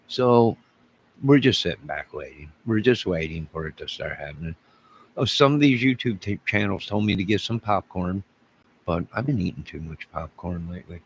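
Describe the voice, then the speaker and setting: A YouTube host with a deep, expressive voice rambles through a solo vlog at a normal pace, drifting off topic and often restarting his sentences. The recording is low quality, with slight background noise.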